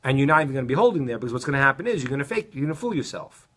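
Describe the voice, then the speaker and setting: A middle-aged man teaching a casual Torah class, telling stories with many restarts and animated asides. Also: medium pitch, racing.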